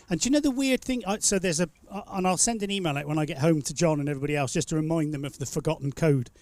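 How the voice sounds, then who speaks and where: A high-pitched man hosts a casual live stream, a teasing storyteller who rambles on. The sound is dry and close, with no room to it. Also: darkish tone, no room sound. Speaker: stream host. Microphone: studio mic.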